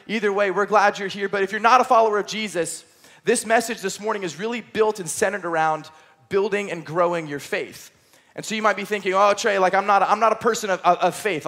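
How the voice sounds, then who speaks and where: A young man, a high school pastor, delivering an energetic, chatty sermon from a church stage, using plenty of fillers.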